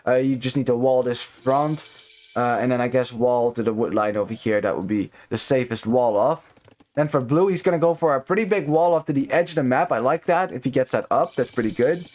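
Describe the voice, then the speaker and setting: A man's voice: medium pitch, brisk, a little mellow. A man casting a strategy game live, chatty with many fillers, greeting chat viewers between plays. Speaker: esports caster.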